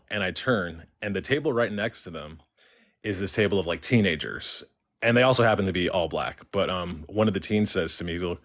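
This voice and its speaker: A man's voice: on the low side, fast. A man telling a personal ghost story in a casual, chatty way, full of fillers and restarts, acting out what others said. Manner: animated, quotes people in changing voices. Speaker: caller.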